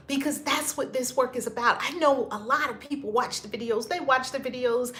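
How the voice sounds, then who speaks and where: A woman hosts a casual live stream in a somewhat high voice. She gushes, laughs easily and calls out to viewers by name. There is a faint noise under her voice. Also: moderate pace, few pauses. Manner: animated and effusive, greets viewers by name, laughs often. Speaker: livestream host.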